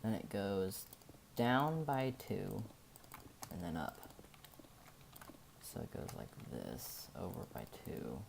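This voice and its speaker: A man's voice: sits low, wildly swooping pitch, slow pace, creaky, long pauses, noisy background. A man narrating a casual game-building tutorial, thinking aloud as he goes and often stopping to correct himself.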